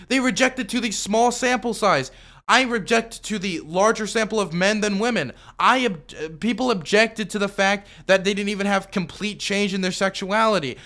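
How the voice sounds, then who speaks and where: A man's voice: high-pitched, pushed and bright. A man streaming a reaction to a video, arguing point by point and stacking up objections in loose, filler-heavy talk. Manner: argumentative, rebutting with repeated objections; loose, full of fillers and restarts. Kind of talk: commentary.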